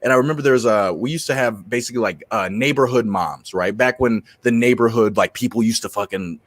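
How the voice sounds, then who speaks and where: A man, a comedian and podcast host, telling animated stories in casual chat, swearing and laughing often. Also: mid-range voice, fast talker, no echo.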